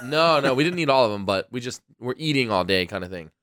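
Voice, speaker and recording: A man co-hosts a podcast from a small home studio, chatting casually in a laid-back way and rambling with fillers. His mid-range voice is expressive, smooth, and a bit bright, and he talks fast; the recording is studio quality with no room sound.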